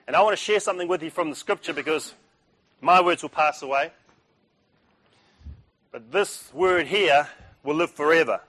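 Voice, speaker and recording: A man's voice: fairly high pitch, a bit bright. A middle-aged man giving a testimony sermon at a Christian breakfast, telling his story with humor and acting out the people he quotes. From New Zealand.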